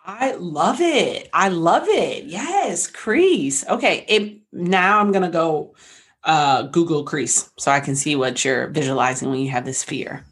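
A woman co-hosting a podcast, chatty and quick to laugh in casual conversation. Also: low voice, lively intonation, husky. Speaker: podcast co-host. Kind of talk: casual chat.

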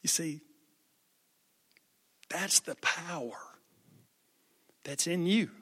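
An impassioned male preacher with a forceful, ringing voice, pitched a little high for a man. He hammers phrases through repetition. His voice rings out through a large hall with long reverb. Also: very slow, husky. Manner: impassioned, repeats phrases for emphasis. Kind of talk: sermon.

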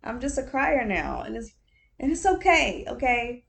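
A woman's voice: on the high side, very animated, a little slow, creaky, fairly bright tone. A woman hosting her own podcast in a casual solo chat. She talks candidly, laughs often, repeats phrases for emphasis and calls the listener baby or honey. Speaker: podcast host.

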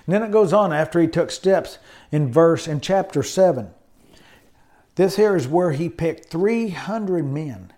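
A man's voice: on the high side, expressive, measured pace, darkish tone. A man preaching a sermon in an emphatic style, often adding amens and hallelujahs. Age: adult with college degree. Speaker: pastor.

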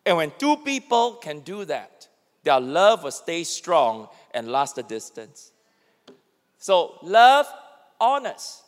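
A man's voice: a little high, slow, big-room sound. A man pastor preaching a sermon, acting out quoted lines as he speaks. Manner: animated, acts out quoted speech.

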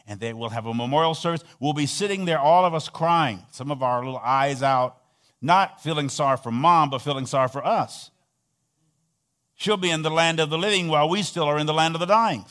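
Dynamic preaching man, loud then hushed. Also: medium pitch. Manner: dynamic preaching, swinging between loud emphatic peaks and soft near-whispered passages; leads call-and-response, has the audience repeat phrases. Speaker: pastor. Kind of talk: sermon.

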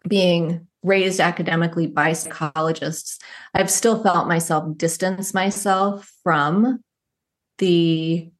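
A woman with a notably low voice, speaking as a psychologist guest on an interview show. She tells stories in a thoughtful, unhurried way, easing from one point to the next. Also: fairly even intonation. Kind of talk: conversational interview.

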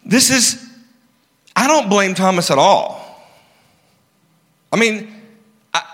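A male pastor preaching a conversational, animated sermon and acting out the people in the story. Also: high-pitched, takes it slowly. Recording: long reverb of a large hall.

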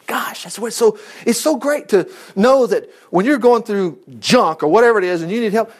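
A man's voice: high-pitched, moderate pace. A man leading an informal Bible study, folksy and chuckling as he talks. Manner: folksy, animated, chuckles often. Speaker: Bible teacher.

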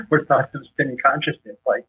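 A man with a husky voice, a guest in an interview, teaching on faith in a conversational way and animatedly acting out dialogue. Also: measured pace. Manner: animated storyteller, acts out dialogue with rising pitch. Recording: tinny phone-line sound.

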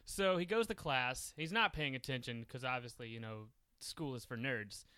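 A man's voice: medium pitch, moderate pace, pushed and bright, smooth, dry recording. A young man in his twenties, a writer guest on a podcast, talking casually and rambling with lots of fillers. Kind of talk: casual interview.

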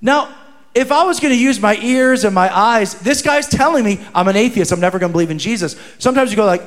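A man preaching a sermon, swinging from loud emphatic lines to hushed slow asides and acting out other people's voices in his stories. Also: high voice, long reverb tail. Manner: dynamic preaching, rising to shouts and dropping to hushed asides; acts out quoted voices in conversation. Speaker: pastor.

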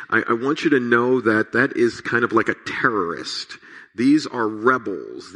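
A man preaching in an earnest, measured voice at a middle pitch. He moves between reading scripture, praying and explaining, with small restarts as he goes. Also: a bit bright. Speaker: pastor.

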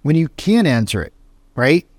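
A man who is a podcast guest, telling a story in a casual way and giving motivational advice, animated and emphatic with repeated phrases. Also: fairly high pitch, normal speed, no echo, studio quality.

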